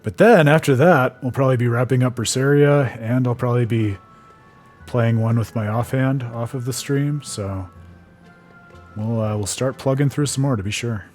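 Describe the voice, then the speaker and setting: A man's voice: mid-range voice, normal speed, a little mellow, faint music behind. A man hosting a stream, chatting casually and analyzing the story, with plenty of fillers. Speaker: streamer and host.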